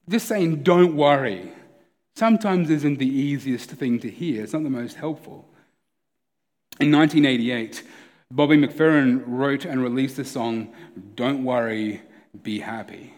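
A man's voice: medium pitch, measured pace, darkish tone, long reverb tail. A man preaching a sermon as a pastor, conversational and earnest, often restarting his sentences.

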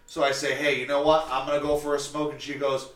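A man's voice: fairly high pitch, fast talker, echoey room, far from the mic. A man, a tattoo artist, telling a story on a casual podcast, swearing freely and acting out what people said. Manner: profane, animated, acts out quotes.

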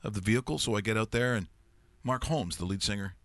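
Bright-voiced chatty sports show host. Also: male voice, fairly low pitch, fast talker, no room sound. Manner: chatty, rambling storyteller with many restarts. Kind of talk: casual sports banter.

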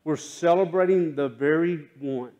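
A male pastor preaching a sermon in a church, using call and response and swinging between hushed and impassioned delivery. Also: fairly high pitch, a little slow, dull audio. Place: church sanctuary.

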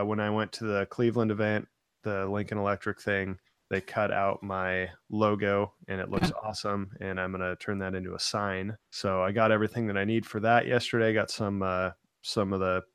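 Male host, low voice, dry close sound, loose rambling chat delivery. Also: a bit bright, clear, resonant tone, no echo. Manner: rambling, full of "like". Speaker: show host. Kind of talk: casual live-stream chat.

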